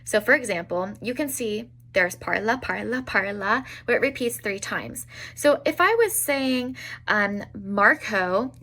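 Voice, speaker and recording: A young woman teaching an online language lesson, spelling out examples slowly with frequent fillers. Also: mid-range voice, animated, bright, forceful tone. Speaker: Italian teacher.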